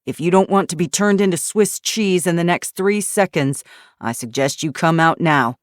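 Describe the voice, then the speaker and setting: A gruff, commanding male soldier, as a woman narrator puts him on barks short orders in a low voice. The sound is dry and close. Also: fairly even intonation, moderate pace, no echo, close to an everyday voice.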